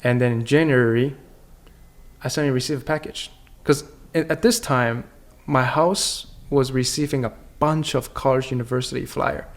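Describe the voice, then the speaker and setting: Podcast guest, man, mid-pitched and gravelly, candid storyteller. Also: steady tone, moderate pace. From China. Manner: earnest, candid, with frequent restarts. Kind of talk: personal storytelling in conversation.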